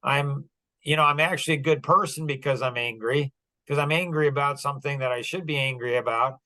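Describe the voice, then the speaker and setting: A man's voice: medium pitch, brisk, bright, forceful tone, no echo. A man hosting a podcast, asking questions in loose, conversational phrasing. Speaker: podcast host. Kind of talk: interview questions.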